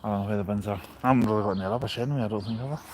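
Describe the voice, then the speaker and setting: A man's voice: fairly low pitch, racing. Man, dry humour, some restarts, faint outdoor noise. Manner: dry wisecracks, hesitant restarts. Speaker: vlog co-host. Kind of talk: casual chat. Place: outdoors at a railway station.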